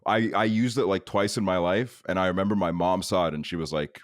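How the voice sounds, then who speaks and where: Young man, very low voice, sarcastic, swears a lot, casual chat. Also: fairly even intonation, fairly quick. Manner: crude, sarcastic, swears often.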